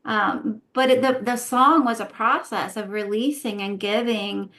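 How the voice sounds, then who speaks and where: A woman's voice: a little high, steady tone, unhurried, fairly bright tone. A woman who is a guest and former therapist, explaining her views in a casual podcast conversation, posing rhetorical questions to herself. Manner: explanatory, asks herself rhetorical questions, often tags "right?".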